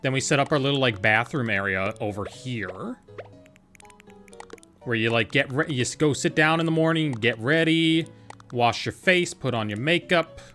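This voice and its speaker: A man's voice: medium pitch, normal speed, a bit bright, soft background music. A man casually commenting on his gameplay, thinking aloud in a chatty, playful way and answering his chat. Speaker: game streamer.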